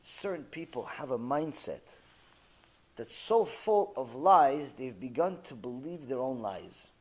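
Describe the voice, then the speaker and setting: A man teaching a religious class as a sermon, telling stories with energy, swinging from loud bursts to hushed asides. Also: medium pitch, unhurried. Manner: animated storyteller, acting out characters, swings from loud to hushed.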